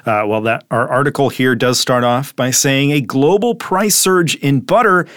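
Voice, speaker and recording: A man's voice: medium pitch, moderate pace, dry recording. Male co-host, casual explainer, fillers, dry booth sound. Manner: relaxed, explains words with frequent fillers. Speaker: English teacher co-host. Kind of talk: casual explanatory lesson chat. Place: studio in Taipei.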